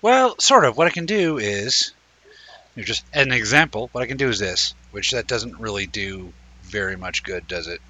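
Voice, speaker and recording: A man's voice: on the low side, animated, moderate pace, pushed and bright, no echo. A man co-hosting a late-night livestream, chatting loosely and joking with plenty of cursing. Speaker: co-host. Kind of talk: casual livestream chat.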